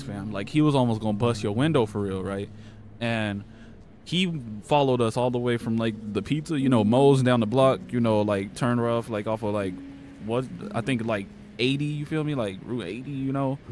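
A man's voice: medium pitch, noisy background. Young man rambling through a game. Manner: slangy, rambling, profane. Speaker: gaming streamer. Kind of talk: casual let's-play commentary and retelling.

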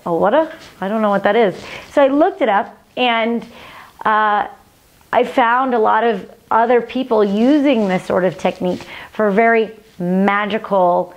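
A woman teaching a healing practice to camera, speaking earnestly and gently, slowing and softening her voice whenever she repeats the mantras. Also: mid-range voice.

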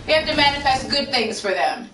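Bright, frank woman streamer in an echoey room. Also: high-pitched, animated, a little fast, slight background noise. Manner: candid, frank, swears freely. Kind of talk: casual storytelling to a live chat. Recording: roomy sound from a distant mic. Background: faint music.

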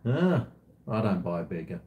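Man, low voice, echoey room, casual blunt live-stream chat. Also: big pitch swings, unhurried, muffled recording. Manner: rambling and blunt, swears freely.

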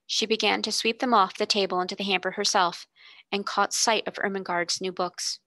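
Woman tutor, storybook reader, bright dry voice. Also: medium pitch, fairly even intonation, moderate pace, no echo. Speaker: tutor reading aloud. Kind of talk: reading a classic novel aloud.

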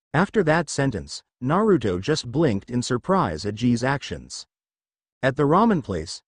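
Man narrator, lively pitch, story reading, dry close sound. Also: measured pace, breathy edge, no room sound. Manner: reads all the figures himself. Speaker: fan fiction reader.

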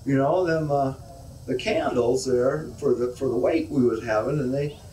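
A storyteller playing a sorrowful, slow-talking country neighbor who rambles with a folksy drawl and bad grammar. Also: male voice, mid-range voice, dark tone, a little hiss or hum, close to an everyday voice. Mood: rambling. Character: slow, hesitant rustic neighbor man, sorrowful. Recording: echoey hall from far off.

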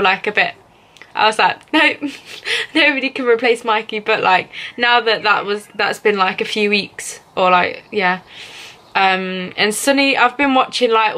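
A woman's voice: mid-range voice, sharp tone. A young woman from England vlogging casually to camera, rambling with many fillers and frequent giggles. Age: young adult.

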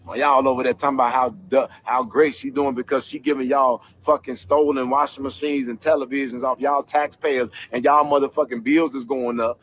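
A man's voice: medium pitch, level tone, fairly quick, hardly any pauses, fairly bright tone, a little hiss or hum. A man giving an angry vlog commentary rant, heated, profane and emphatic. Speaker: commentator investigating a local scandal.

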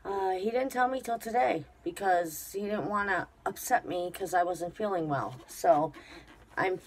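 A crafting vlogger who is tired and unwell chats to camera while unboxing a parcel, gushing over it and using many fillers. She has a mid-range voice and a measured pace.

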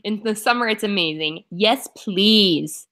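Bright-voiced chatty woman from Oklahoma. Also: medium pitch, a little slow. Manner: chatty, reacts to viewer comments. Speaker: book club co-host. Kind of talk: casual live-stream chat.

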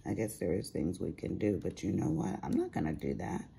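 Gravelly, low-voiced sassy woman. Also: big pitch swings, fairly quick, warm tone. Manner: chatty, sassy storytelling with big pitch swings. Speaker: crafting vlogger. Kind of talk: casual chat while crafting.

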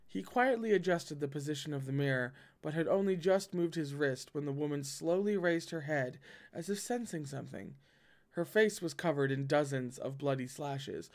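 Man reading a novel aloud, fairly high voice. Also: moderate pace. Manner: dramatic, swearing reactions between passages. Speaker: audiobook reader and reactor.

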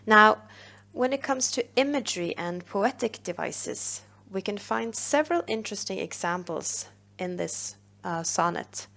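A woman teacher, patiently explaining a poem in a recorded literature lesson, pausing on fillers. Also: mid-range voice, lively intonation, creaky, bright, forceful tone.

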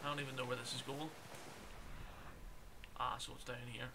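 A man's voice: medium pitch, little pitch movement, moderate pace, heavy background noise. A young man in his twenties with a Belfast accent, chatting with viewers and exclaiming as he plays a video game. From Northern Ireland. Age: 20s. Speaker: gaming streamer. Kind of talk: casual gameplay commentary chatting with viewers.

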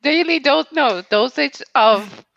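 A woman's voice: high voice, lively intonation, slow, vocal fry, a bit bright, no echo, highs cut off. A woman co-hosting a live stream on a video call, light and laughing. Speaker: co-host. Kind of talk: casual live-stream chat.

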